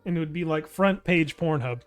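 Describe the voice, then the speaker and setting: A fairly high-voiced man rambling over a game. He is crude and loud, swears constantly and laughs a lot. Soft music plays faintly behind his commentary. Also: brisk, smooth. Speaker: gameplay streamer.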